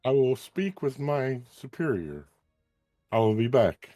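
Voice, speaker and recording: A man voicing a gentle, soft-spoken male librarian in blue robes, speaking in a calm, courteous, formal way. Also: medium pitch, measured pace, soft background music, voice pushed up.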